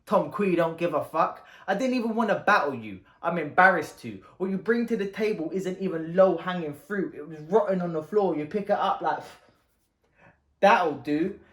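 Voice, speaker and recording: A man's voice: high-pitched, expressive, brisk, hardly any pauses. A man in his thirties with a London Cockney accent, spitting a cappella rap battle verses in punchy, mocking trash talk. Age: 30s. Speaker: battle rapper. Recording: roomy echo.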